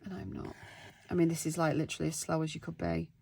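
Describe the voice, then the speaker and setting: Fast and slightly rough, this woman's voice sits low, darkish and fairly flat, with vocal fry. She's a craft vlogger in her thirties, chatting casually and self-deprecatingly to viewers during an at-home craft-along.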